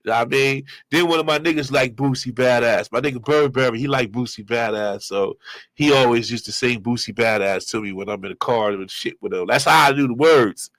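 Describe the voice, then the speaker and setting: A man hosting his own show, giving loose, slangy street commentary and shout-outs. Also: mid-range voice, fairly quick, no echo. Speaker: show host reacting to clips. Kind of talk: casual commentary.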